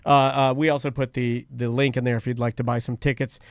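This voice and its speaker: A man's voice: mid-range voice, little pitch movement, fast, no echo. A man co-hosting a live stream, chatting loosely and joking with a rambling, off-the-cuff manner. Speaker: co-host. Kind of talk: casual live-stream banter.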